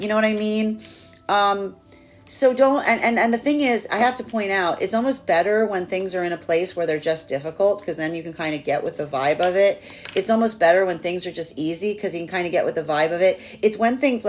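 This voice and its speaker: A woman giving a live tarot reading in a chatty, animated way, with lots of fillers and laughter. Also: mid-range voice. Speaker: tarot reader.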